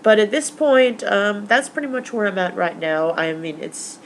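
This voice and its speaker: A woman's voice: mid-range voice, normal speed, a little hiss or hum. A young woman recapping her week to camera in a casual vlog, rambling with lots of fillers. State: tearful, emotional; recovering from stomach flu. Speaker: vlogger.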